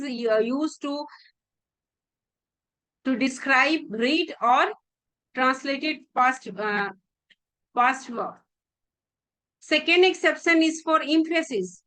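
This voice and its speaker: A woman's voice: sits high, fairly bright tone, rough recording. A woman with an Indian English accent giving an exam-prep grammar lesson. She explains carefully, often restarting words and repeating key phrases.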